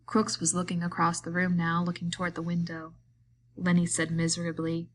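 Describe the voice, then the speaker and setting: Low-voiced woman reading a novel. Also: level tone, normal speed, a little hiss or hum. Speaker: audiobook reader.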